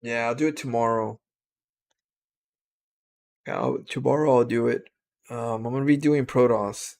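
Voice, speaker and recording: A man's voice: mid-range voice, fairly even intonation, moderate pace, gravelly, darkish tone, no echo. A tired, yawning man who streams and casts games, talking to his viewers in loose, rambling, unscripted commentary. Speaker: game streamer and caster. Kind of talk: casual game commentary.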